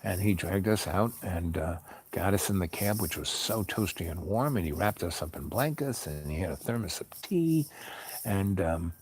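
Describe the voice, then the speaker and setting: Low-voiced guy rambling thru a story, calm and wry, lots of you-knows. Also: moderate pace, a little hiss or hum. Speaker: podcast host. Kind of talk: personal storytelling monologue.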